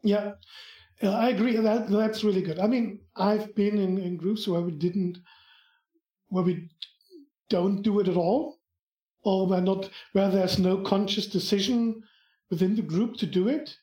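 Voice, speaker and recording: A man with a German accent, a podcast guest in casual chat, talking in a halting way as he searches for words. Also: sits high, steady tone, mellow. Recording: echoey room.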